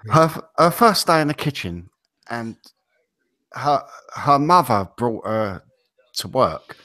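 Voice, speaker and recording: An English man with a lively, swooping delivery rambles through a story on a casual talk show. His pitch sits mid-range, and he jumps around and restarts as he goes. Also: slow. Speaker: co-host. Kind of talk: casual podcast banter.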